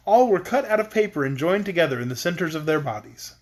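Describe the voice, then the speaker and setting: Man reading a storybook, lively and high. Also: quick pace, hardly any pauses. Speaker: audiobook reader. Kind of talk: storybook narration.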